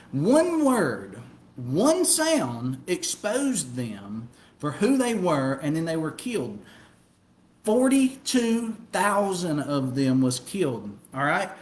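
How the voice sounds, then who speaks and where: A man with a Southern American accent from the American South, teaching the Bible in a folksy, storytelling way with frequent "okay?" check-ins. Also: fairly high pitch. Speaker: preacher.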